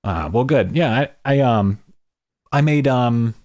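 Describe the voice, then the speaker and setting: An American man hosts a casual livestream chat, greeting viewers in a rambling, self-deprecating way. His medium-pitched voice is animated and unhurried, with a darkish tone. It's studio quality with no room sound.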